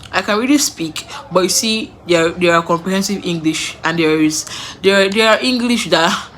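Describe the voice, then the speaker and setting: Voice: mid-range voice, moderate pace, a bit bright, slight background noise. A young adult with a Nigerian accent tells personal stories in a casual way, repeating words for emphasis and laughing between sentences. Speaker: vlogger.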